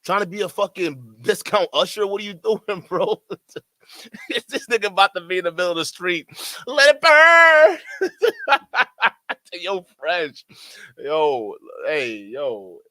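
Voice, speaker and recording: Loud mocking male reaction streamer. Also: sits high, a little slow, dry recording. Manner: loud, laughing, sarcastic, talks to chat.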